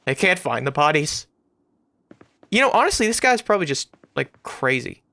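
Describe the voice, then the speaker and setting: A man rambling through casual let's-play commentary as a gaming YouTuber, with sudden loud outbursts and swearing. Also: on the high side, very animated, normal speed, vocal fry, dry recording.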